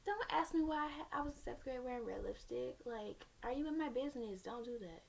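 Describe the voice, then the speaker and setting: A woman's voice: on the high side, expressive, fast talker, creaky. A young woman telling a personal story to her viewers in a candid, rambling way, with sassy asides. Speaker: vlogger.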